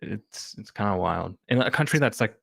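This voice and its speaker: A man's voice: fairly low pitch, expressive, normal speed, creaky, fairly bright tone, no echo, studio quality. A man in a casual podcast chat, rambling and thinking aloud with lots of fillers. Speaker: podcast cast member.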